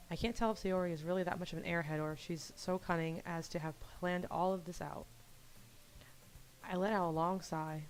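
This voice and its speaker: A woman's voice: fairly low pitch, steady tone, a little fast, slight background noise, poor audio. A young woman gaming youtuber reading a visual novel aloud in a casual first-person narration, at a desk mic at home.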